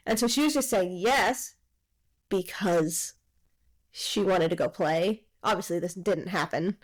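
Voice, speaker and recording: A woman co-hosting a podcast, casually retelling a film's plot with lots of "like" fillers and quick asides. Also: medium pitch, rough recording. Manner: rambling retelling of a film plot, many "like" fillers. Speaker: podcast co-host. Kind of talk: casual chat.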